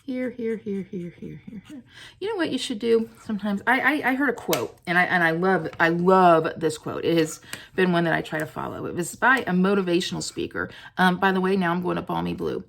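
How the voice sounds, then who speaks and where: A woman's voice: fairly low pitch, a little fast, vocal fry, a bit bright, slight background noise. A woman hosting a casual stamping tutorial, chatting to viewers in a self-deprecating way while she colors. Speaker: crafting video host.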